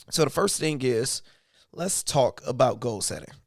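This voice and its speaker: A man from Michigan hosting a casual livestream, his voice a little hoarse, talking loosely and reading from his notes. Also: medium pitch, expressive, takes it slowly, dry recording, clean studio sound. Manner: loose and conversational, reads aloud from notes. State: slightly hoarse voice. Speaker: YouTube livestream host.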